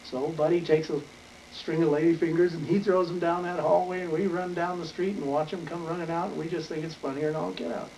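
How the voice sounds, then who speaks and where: A man's voice: fairly high pitch, flat delivery, fairly quick, darkish tone. An older man from Wyoming telling a rambling, folksy story in an oral history interview. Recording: distant mic with faint noise.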